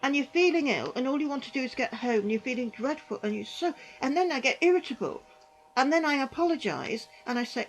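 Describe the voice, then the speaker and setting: Speaking a little fast in a high, animated voice, this UK vlogger, a former psychiatric nurse and older woman, gives an earnest personal commentary monologue to her camera. She sounds unwell and in pain, rambling with frequent restarts, and the audio is poor.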